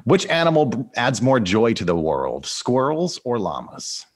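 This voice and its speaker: A man hosting an interview, upbeat and quick to laugh, running a rapid-fire question round. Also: mid-range voice, huge pitch swings. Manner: upbeat, laughs often, brisk quiz questions. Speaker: podcast host. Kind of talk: casual interview.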